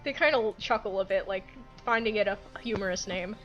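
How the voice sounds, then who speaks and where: A young woman narrating as game master in a casual online tabletop game, with relaxed, hesitant delivery. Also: mid-range voice, fairly quick, dull audio, over loud music.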